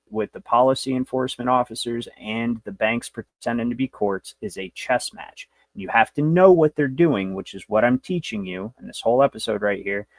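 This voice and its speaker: A man's voice: medium pitch, dry recording. A man hosting a livestream, lecturing in a brash, rambling, profane way. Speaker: show host.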